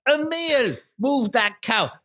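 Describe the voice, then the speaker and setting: A man voicing a gruff, bossy old male farmer with a put-on rural English accent, crude and boastful. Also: very high-pitched, big pitch swings, slow, voice pushed up, full character voice. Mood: impatient. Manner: shouty, laughing through his lines.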